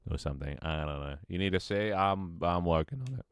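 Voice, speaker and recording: A man with a very deep, low voice mutters and thinks aloud while he builds a game level on stream. He swears freely, banters with his chat, and his voice sometimes cracks. The sound is dry and close, with no room echo. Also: fairly quick, clean tone. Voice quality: voice cracks at times. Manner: mutters to himself, swears often, jokes with chat.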